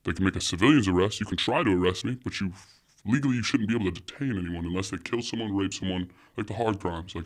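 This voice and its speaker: A young man, talking loosely as a podcast guest, full of fillers and swearing. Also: on the low side. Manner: loose, profane, heavy on fillers. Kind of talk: casual chat.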